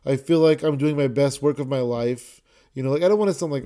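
A middle-aged man hosting his own podcast, chatting casually and excitedly, rambling with many restarts and repeated words and some swearing. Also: mid-range voice, brisk. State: a bit winded. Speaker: podcast host. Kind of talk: casual solo podcast chat.

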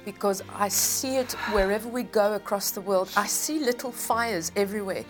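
A woman hosting a Christian talk show, warmly affirming her guest and speaking directly to her viewers. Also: mid-range voice, moderate pace, faint music behind.

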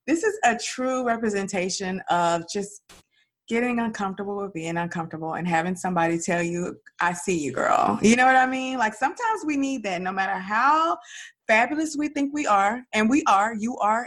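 A woman's voice: medium pitch, normal speed, fairly bright tone. A woman with a Southern Dallas accent hosting a podcast, talking in an upbeat, chatty way. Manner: upbeat, chatty, lots of y'all and girl. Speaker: podcast host. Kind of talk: casual podcast chat.

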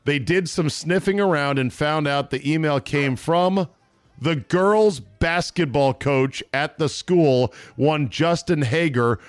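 A man's voice: on the high side, no room sound. A man hosting a casual sports talk podcast, brash and joking as he riffs on stories. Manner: brash, joking, quick storytelling. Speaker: podcast host.

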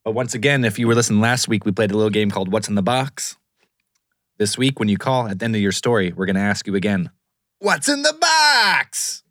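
A man's voice: lowish voice, fast, dry recording, clean studio sound. A man hosting a live call-in podcast, bantering playfully with his co-host and callers.

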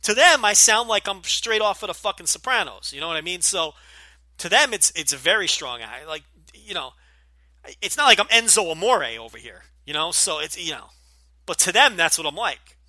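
A man's voice: high-pitched, big pitch swings, moderate pace, bright, forceful tone, dry recording. A man with a light New Jersey accent hosting a casual podcast Q&A, talking bluntly and profanely, full of opinions and asides. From Northeastern US, New Jersey. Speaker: podcast host.

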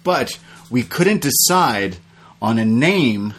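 A man's voice: medium pitch, slow pace. A young adult man co-hosting a podcast, telling stories in casual chat and acting out the quotes. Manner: animated storytelling, acts out quotes. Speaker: podcast co-host.

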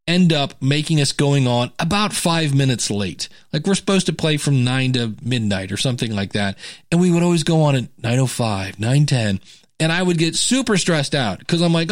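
A man hosting a podcast in a casual, conversational way, animated and acting out quoted thoughts. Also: a little high, no echo, clean studio sound. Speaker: podcast host.

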